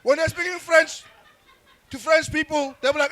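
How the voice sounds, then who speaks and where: A young man doing crude, rambling stand-up comedy with frequent restarts and shouted bursts. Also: very high-pitched, normal speed, a little hiss or hum. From South Africa.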